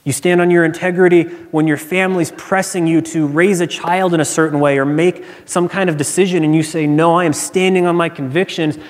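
A man's voice: on the high side, fairly even intonation, fairly quick, few pauses. Pastor guy preaching, chatty storyteller that builds up to punchy repeats, echoey church hall. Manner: conversational storytelling preacher, building to emphatic repetition. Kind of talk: sermon.

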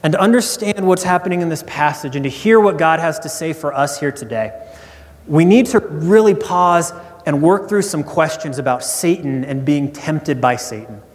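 A man's voice: on the high side, animated, normal speed, long reverb tail. A man preaching a sermon as pastor, conversational and storytelling.

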